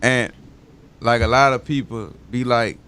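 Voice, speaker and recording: A man talking casually as a guest, telling loose, animated stories full of slang. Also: medium pitch, measured pace, smooth. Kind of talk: casual interview talk.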